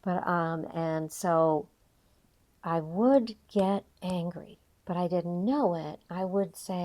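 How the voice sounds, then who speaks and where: An older woman coaching an emotional tapping session, reflective and gently guiding, with frequent pauses. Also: on the low side, fairly even intonation. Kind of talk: guided tapping session talk.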